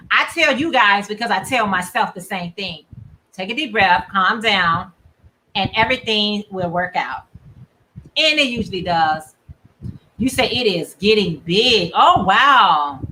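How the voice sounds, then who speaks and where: A woman hosting a crafting livestream, chatting casually and warmly reading out viewer comments. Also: medium pitch, a little hiss or hum, poor audio. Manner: chatty, reads viewer comments aloud, encouraging. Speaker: crochet livestream host. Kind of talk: casual chat with live viewers.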